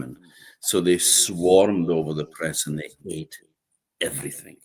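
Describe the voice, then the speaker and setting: A man with an Orkney accent telling a folk tale in a lively, animated way. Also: low-pitched, unhurried, husky. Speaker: storyteller.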